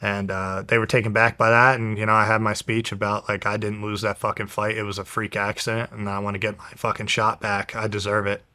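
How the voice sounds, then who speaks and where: Young man from new jersey, low-pitched, forceful, blunt, swears a lot, casual storytelling guest. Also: flat delivery, brisk, hardly any pauses. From New Jersey, USA. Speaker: guest, professional fighter.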